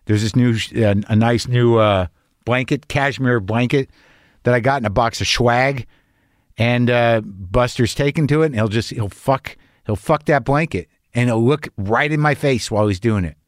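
A man's voice: medium pitch, moderate pace, no echo, studio quality. A man hosting a podcast, riffing in a rambling, anxious, profane and self-mocking way before chatting with a guest. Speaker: podcast host. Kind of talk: comedic monologue and casual chat.

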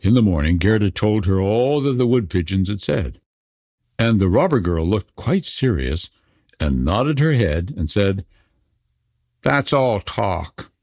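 A man narrating a fairy tale in an expressive, dramatic storybook reading. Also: lowish voice, unhurried, dry recording, studio quality. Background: soft music.

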